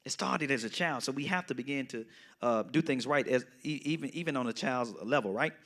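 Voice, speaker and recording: A man's voice: medium pitch, fairly quick, fairly bright tone. A man, a pastor teaching a Bible study in a conversational way, often checking in with the listeners. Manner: conversational, often asks the audience "right?".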